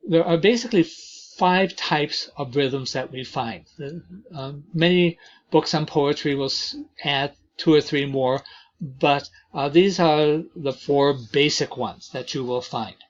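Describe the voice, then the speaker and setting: A man teaching an introductory lesson on poetry, talking slowly with frequent fillers and reading verses aloud. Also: a little high, dull audio. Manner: slow, deliberate delivery with many fillers and reading aloud of verses. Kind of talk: lecture on poetry.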